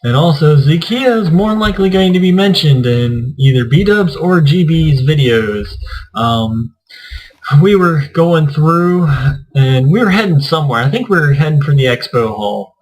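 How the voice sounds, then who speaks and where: A man's voice: on the high side, animated, moderate pace, rough recording. Chatty man recapping a convention. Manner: rambling storyteller, acts out quotes. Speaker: gaming YouTuber.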